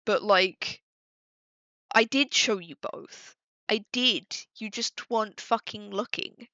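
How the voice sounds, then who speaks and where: A woman's voice: medium pitch, takes it slowly, sharp tone, dry recording. A young woman streaming, chatting casually to her viewers, exasperated and swearing often. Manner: exasperated, swearing, talking to chat. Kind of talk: casual livestream chat. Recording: dull lo-fi dry mic.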